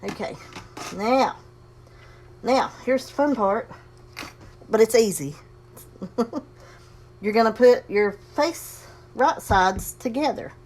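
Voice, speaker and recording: A woman's voice: on the high side, slow, pauses often, darkish tone, a little hiss or hum. A woman casually demonstrating a sewing project, chatty and folksy, talking herself through each step and breathing a little heavily. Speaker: crafting tutorial host.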